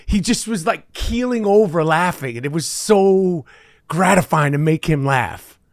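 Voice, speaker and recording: Excitable man in his fifties, a bit high. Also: measured pace, dry recording, studio quality. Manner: excitable, profane, rambling with restarts. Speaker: guest actor. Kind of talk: casual chat.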